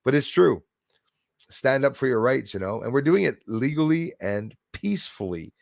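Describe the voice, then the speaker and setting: A man's voice: medium pitch, animated, moderate pace, vocal fry, darkish tone, dry recording, studio quality. A man hosting a casual livestream, rambling bluntly and greeting viewers by name. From Canada. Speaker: livestream host reading chat. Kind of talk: casual live-stream chat.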